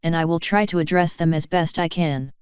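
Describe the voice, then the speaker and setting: Solemn formal pony sergeant, a woman reading him, low smooth voice, lo-fi recording. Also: fairly even intonation, fairly quick, no room sound, close to an everyday voice. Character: steady male guard sergeant pony.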